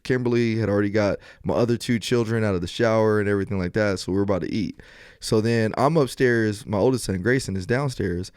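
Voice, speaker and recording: A man's voice: on the low side, a little fast, dry recording, clean studio sound. A man hosting a podcast, telling a story with a laugh and acting out the lines of others. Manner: animated storyteller, laughing, acts out dialogue. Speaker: podcast host. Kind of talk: casual chat.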